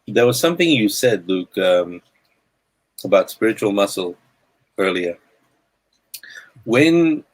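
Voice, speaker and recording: A man's voice: deep voice, rough recording. A man hosting a live podcast in casual chat, blunt and rambling, often repeating words as he starts a thought. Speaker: podcast host.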